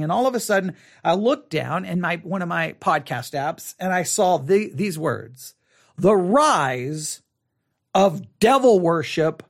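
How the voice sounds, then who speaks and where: A man's voice: high-pitched, fairly bright tone. A middle-aged man from West Texas, rambling conversationally on a podcast with wry asides. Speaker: podcast host. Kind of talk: casual monologue podcast.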